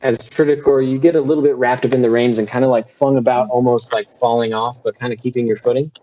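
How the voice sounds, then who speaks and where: A man's voice: mid-range voice, steady tone, fast talker, warm tone. A young man narrating a tabletop game as game master in a loose, filler-heavy way, heard through a dull lo-fi recording.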